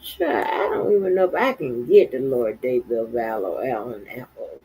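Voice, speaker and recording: A middle-aged woman from Florida in casual, profane commentary, exasperated and swearing constantly as she swings from low mutters to high outbursts. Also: very animated, moderate pace, mellow, slight background noise, poor audio. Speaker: streamer commenting on news.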